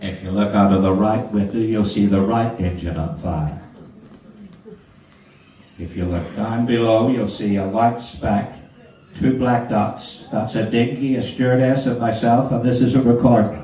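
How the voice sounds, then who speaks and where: A calm, low-voiced male airline captain reads his announcement deadpan, put on by a comedian. The voice drops well below his usual tone. It rings through an echoey hall, caught from afar. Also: unhurried, far from the mic, close to an everyday voice. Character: male airline captain on the intercom, calmly doomed.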